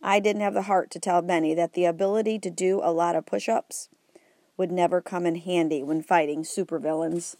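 A woman reads a children's story aloud in a wry, even manner. Her voice is low and mellow, recorded close and dry. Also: fairly quick, dry recording. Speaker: narrator. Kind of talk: audiobook narration.

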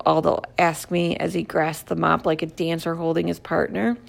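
Woman reading a story with heavy vocal fry. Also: low voice, little pitch movement, normal speed. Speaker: narrator.

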